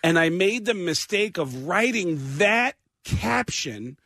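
A man, a stand-up comedian telling an animated story as a talk show guest, acting out the quotes. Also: sits high, takes it slowly, dry recording. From New York. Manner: excitable, acts out quotes in jumping voices.

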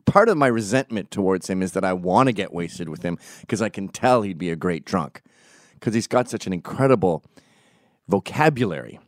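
A man's voice: sits low, darkish tone, no echo, clean studio sound. A man hosting a podcast, telling comic stories in a profane, ranting way. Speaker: podcast host. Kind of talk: casual comic storytelling.

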